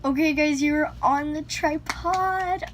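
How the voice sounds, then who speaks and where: A woman vlogging casually from home as she unboxes things, excitable and exclaiming as she talks to the camera. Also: sits high, takes it slowly, slight background noise. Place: at home indoors, a cat nearby.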